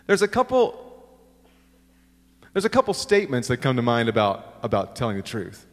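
A middle-aged man preaching in a sanctuary, his voice swinging widely and expressively as he tells stories at his own expense. He sits at an ordinary pitch, and a long reverb trails after each phrase from the large hall. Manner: storytelling, self-deprecating humor with acted-out quotes. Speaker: pastor. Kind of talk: sermon.

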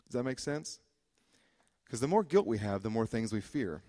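A man's voice: medium pitch, expressive, normal speed, dark tone. A man preaching a sermon as a pastor, conversational and joking, with frequent "uh" fillers. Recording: long hall reverb.

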